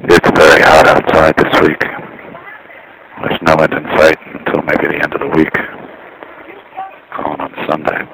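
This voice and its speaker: A man's voice: extremely low pitch, completely flat delivery, unhurried, vocal fry, long pauses. A man talking in a rambling, dry, self-deprecating way, recorded outdoors by a parking lot with traffic noise behind. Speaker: vlogger. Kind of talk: rambling casual monologue.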